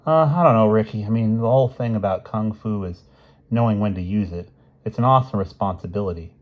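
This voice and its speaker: A man's voice: fairly low pitch, fairly quick, muffled recording, pitched above the performer's own voice, close to an everyday voice. A man voicing a boastful schoolboy who lectures self-importantly. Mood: lecturing. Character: boastful know-it-all schoolboy.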